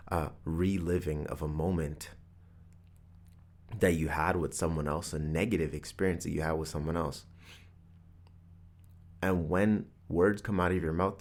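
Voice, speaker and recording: A man hosting a podcast, telling a personal story in an earnest, reflective motivational monologue. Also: low-pitched. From Canada. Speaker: podcast host.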